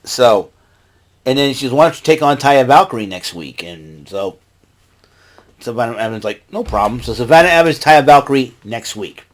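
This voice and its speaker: A man's voice: mid-range voice, lively intonation, moderate pace. A man hosting a casual show, recapping events in a rambling way and jumping into raised voices when he quotes people. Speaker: podcast host recapping wrestling.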